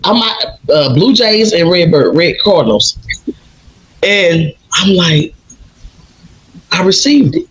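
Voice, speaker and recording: A podcast host from with a raspy, slightly raised voice. He tells his stories with lively, looping restarts, in a casual chat with his guest. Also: fairly high pitch, takes it slowly, poor audio. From Louisiana. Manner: animated, rambling storyteller with many restarts.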